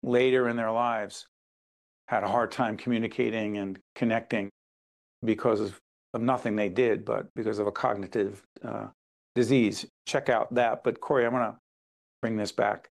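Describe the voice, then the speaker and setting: A man's voice: fairly low pitch, steady tone, moderate pace, creaky. A man hosting an interview, pressing his guest with pointed follow-up questions. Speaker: interview host.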